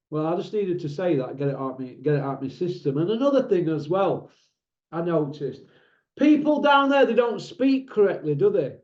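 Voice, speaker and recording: A man's voice: on the high side, sing-song, moderate pace, a little mellow. A man with a northern English accent, hosting his own channel in a blunt, mocking, combative rant to camera. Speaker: channel host. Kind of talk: ranting monologue to camera. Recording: roomy, dull lo-fi sound.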